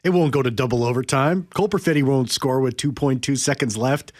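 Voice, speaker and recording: A man's voice: medium pitch, fairly quick. A man hosting sports radio, chiming in with brief agreeing remarks in casual chat. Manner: brief agreeing interjections, laughs along.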